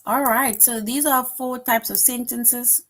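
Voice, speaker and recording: A woman's voice: a little high, steady tone, measured pace, fairly bright tone. A woman teaching a grammar lesson to young children, patient and repetitive, checking in with "right?" after each point.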